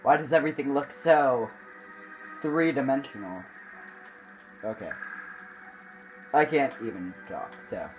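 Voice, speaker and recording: A man's voice: medium pitch, a little slow, pauses often, muffled recording, soft background music. A man hosting a gameplay video, commenting casually in a goofy, joking, self-mocking way. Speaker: gaming channel host.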